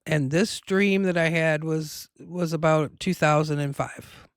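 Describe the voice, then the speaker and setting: A woman's voice: deep voice, fairly even intonation, unhurried, no echo, clean studio sound. A woman hosting her own show, telling a personal story in a rambling, emotional way with many fillers. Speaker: host.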